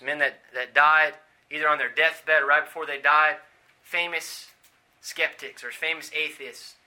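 Male preacher, high and very bright voice, dramatic swings between hushed and shouted delivery. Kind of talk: sermon.

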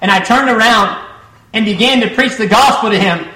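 A male preacher delivering a sermon, telling a story with growing emphasis and bursts of shouting. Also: high voice, moderate pace. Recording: echoey room.

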